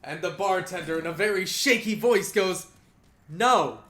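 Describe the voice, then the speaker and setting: A man's voice: high voice, fairly bright tone. Echoey man telling a rambling story. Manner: rambling, halting retelling. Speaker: friend on a game stream. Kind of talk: casual storytelling. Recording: echoey room.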